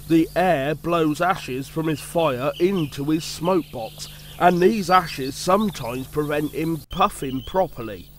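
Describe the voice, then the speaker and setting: A man reads a calm, good-humoured train driver in a steady, explaining storybook voice. The tone is a little high and unhurried, with music playing underneath. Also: slight background noise.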